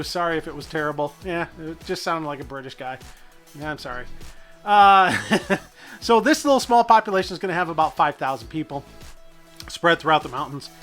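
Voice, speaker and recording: A man's voice: fairly high pitch, a bit bright. A man hosting a city-building gameplay video, rambling and thinking aloud in a goofy, self-deprecating way. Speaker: gaming channel host.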